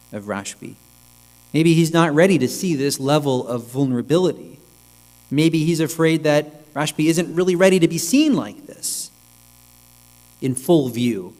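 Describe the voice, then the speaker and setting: A male rabbi giving a reflective, measured sermon, with pauses, in a synagogue sanctuary. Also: on the high side, darkish tone. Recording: long reverb with mains hum.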